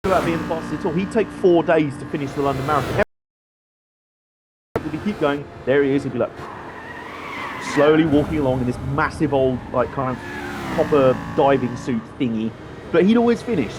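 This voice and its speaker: A man's voice: a little high, a little fast, pauses often, noisy background. A man commentating a long endurance sim race in a chatty, rambling way, laughing often. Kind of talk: live sim-racing commentary.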